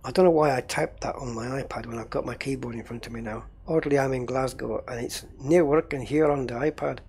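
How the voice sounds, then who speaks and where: Man, gaming livestreamer, gravelly, thinking aloud, casual chat. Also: medium pitch, a little fast, a little mellow, slight background noise. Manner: rambling, thinking aloud while troubleshooting.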